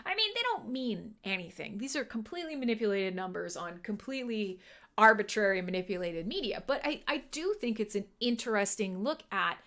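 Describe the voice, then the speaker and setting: A woman chats on a casual livestream, her voice bright and ringing. She talks in a lively, swooping way and laughs often. She drops in a casual swear now and then. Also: mid-range voice, brisk. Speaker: livestream host.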